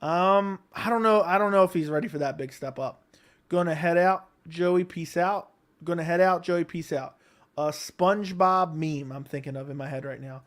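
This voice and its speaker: A young man from Baltimore hosting a live stream, answering chat questions in a relaxed, rambling way. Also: a little high, moderate pace. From Baltimore, Maryland. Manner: relaxed, rambling, thinks aloud with many ums. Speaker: livestream host reading chat.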